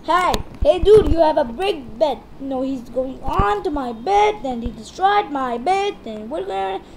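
A woman talks through her game in a high, slow, unhurried voice, breaking into excited repeated outbursts. The recording is noisy, with clicking in the background. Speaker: gaming channel host. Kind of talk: live game commentary.

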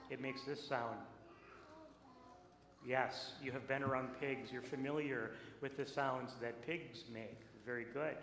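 A man, a pastor giving a playful children's message in a church, speaking gently with many fillers. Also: mid-range voice, creaky. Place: church sanctuary. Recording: echoey church with room noise.

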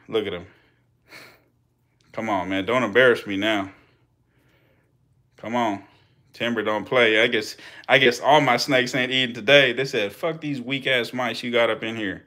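Slangy, excitable man hosting a vlog. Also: medium pitch. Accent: Californian. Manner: slangy, profane, excitable, laughing asides to viewers. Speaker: channel host feeding snakes. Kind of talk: casual vlog commentary.

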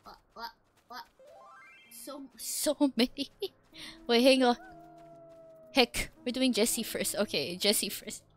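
A woman streaming a game, laughing and swearing in breathless excitement. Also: on the high side, unhurried, long pauses, soft background music. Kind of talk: excited gaming stream chat.

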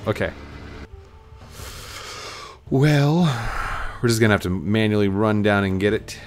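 A man with the sniffles giving casual let's-play commentary at home. He is excitable and bursts into laughter and high yelps. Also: moderate pace, long pauses, a little hiss or hum. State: sniffly, stuffy nose. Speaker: gaming YouTuber.

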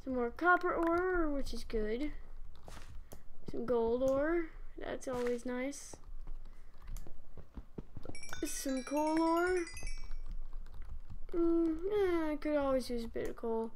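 High-voiced woman chatting through a game. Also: takes it slowly, a little hiss or hum. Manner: chatty, apologetic, talking to herself while playing. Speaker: gaming channel host. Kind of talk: casual game commentary.

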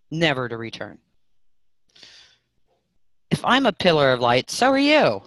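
A middle-aged woman teaching a live online spiritual class, telling stories with big swings between loud and soft. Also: sits low, no echo.

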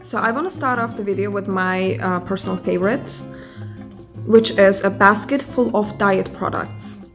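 A woman's voice: mid-range voice, normal speed, soft background music. A young woman hosting a comedic vlog, rambling, sarcastic and casually profane. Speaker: vlogger.

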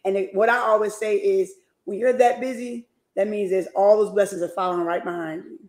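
Woman host, effusive, gushing, mid pitch, roomy echoey sound. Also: fairly even intonation, a little fast. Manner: effusive, gushing and warm with praise. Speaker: show host. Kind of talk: casual interview chat. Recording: echoey room.

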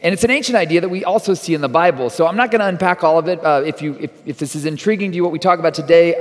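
Pastor with a bright voice in a reverberant hall. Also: male voice, fairly high pitch. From Texas. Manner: casual, conversational storytelling with restarts. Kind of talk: sermon. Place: church auditorium. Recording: long reverb of a church hall.

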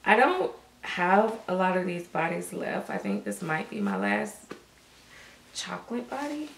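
Slow-talking woman in an echoey room. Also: medium pitch, lively intonation, vocal fry, a little hiss or hum. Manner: rambling, soft-spoken, affectionate. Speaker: reborn doll collector. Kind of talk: casual chat to camera.

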